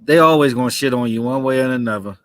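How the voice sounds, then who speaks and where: A man's voice: mid-range voice, fast, fairly bright tone. A man co-hosting a podcast in blunt, opinionated casual chat. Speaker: podcast co-host.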